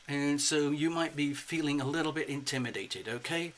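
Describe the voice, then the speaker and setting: Bright-voiced expressive man reading tarot. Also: a little high, normal speed, few pauses, slight background noise. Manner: expressive, playful, slips into acted asides. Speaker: tarot reader. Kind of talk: casual spoken tarot reading.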